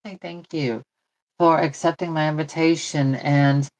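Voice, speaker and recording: A woman's voice: deep voice, steady tone, unhurried, darkish tone, rough recording. A woman hosting a doll channel, chatting casually while she demonstrates.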